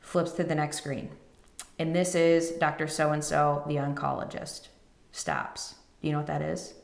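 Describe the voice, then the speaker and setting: With a low voice, vocal fry, and a slightly slow pace, a woman in her thirties hosts a podcast from an echoey room. She tells a personal story emotionally, acting out and quoting the people in it.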